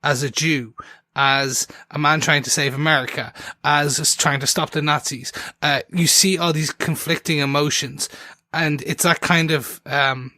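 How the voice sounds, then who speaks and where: A man's voice: fairly high pitch, fairly even intonation, measured pace, pushed and bright, no echo, clean studio sound. A man hosting a TV recap podcast in casual chat, talking eagerly and jumping between points with many restarts. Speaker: podcast host.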